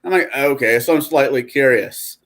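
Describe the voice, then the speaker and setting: A man's voice: medium pitch, normal speed, fairly bright tone. A man chatting casually among friends while painting miniatures, telling stories and swearing freely. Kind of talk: casual chat.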